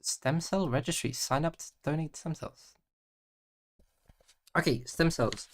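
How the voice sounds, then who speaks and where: While livestreaming his homework, this man mutters and chats casually, his voice on the high side. Silly made-up words and faltering French slip out as he drifts from quiet mumbles to sudden loud outbursts.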